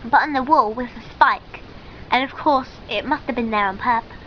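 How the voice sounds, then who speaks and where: A woman's voice: fairly high pitch, normal speed, muffled recording, a little hiss or hum. A woman telling a comic sketch in character, rambling and giggly, with many ums and restarts.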